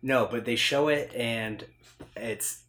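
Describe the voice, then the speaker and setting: A man's voice: medium pitch, slow pace, slight background noise. A man co-hosting a casual chat, retelling a movie scene in a loose, rambling way with lots of fillers. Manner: rambling, animated retelling with acted-out quotes. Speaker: podcast co-host.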